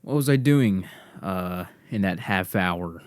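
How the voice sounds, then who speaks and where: Recording into a desk mic and computer in his garage, a podcast host delivers a rambling, self-deprecating solo monologue. He speaks slowly but animatedly in a low-pitched voice, and the sound is studio quality with no room noise.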